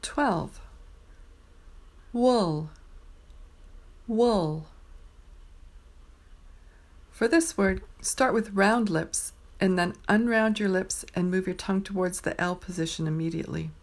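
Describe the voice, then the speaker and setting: A woman teaching pronunciation, saying each word slowly and clearly, with pauses between words. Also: medium pitch. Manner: carefully enunciated single words with pauses. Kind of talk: slow, deliberate pronunciation drill.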